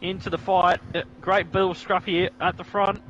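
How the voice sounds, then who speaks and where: High-voiced man calling a sim race. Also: level tone, fairly bright tone, dull audio, slight background noise. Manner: joking banter, quickens for on-track action. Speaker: sim racing commentator and stream host. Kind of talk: casual live race commentary.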